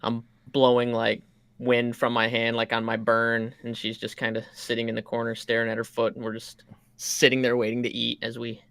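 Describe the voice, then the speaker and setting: Gravelly guy at the game table, dry mic, talks slow. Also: medium pitch, monotone, fairly bright tone, dry recording. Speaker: player. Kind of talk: tabletop role-play, in-character narration.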